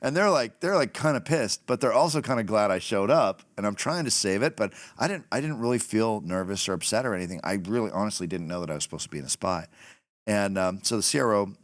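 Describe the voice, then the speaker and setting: A middle-aged man hosting a podcast, telling a story in a casual, animated way and laughing as he goes. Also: lowish voice, fast talker, no echo, clean studio sound. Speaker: podcast host.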